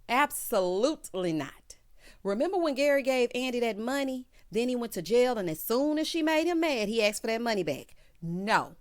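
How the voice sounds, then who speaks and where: A woman giving a casual recap of a TV episode with sassy, animated asides. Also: fairly high pitch, normal speed. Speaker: TV show recap reviewer.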